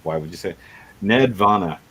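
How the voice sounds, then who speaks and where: A man's voice: low-pitched, animated, normal speed, a bit bright, breathy edge, rough recording. A man hosting a casual livestream chat, rambling and laughing often. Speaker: livestream host.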